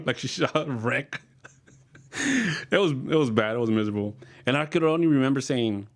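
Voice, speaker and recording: A man's voice: mid-range voice, normal speed. A comedian casually telling rambling, profane stories about his past and often laughing as he talks.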